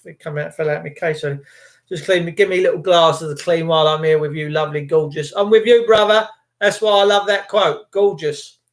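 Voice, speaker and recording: A middle-aged man, telling stories in a casual rant and putting on voices for the people he quotes. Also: high-pitched. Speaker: vlogger.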